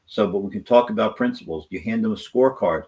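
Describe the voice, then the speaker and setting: A man's voice: fairly low pitch, fast, a little mellow, low-quality recording. A man talking as a guest on a political talk show, passionate and rambling as he makes his case. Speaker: conservative activist and guest.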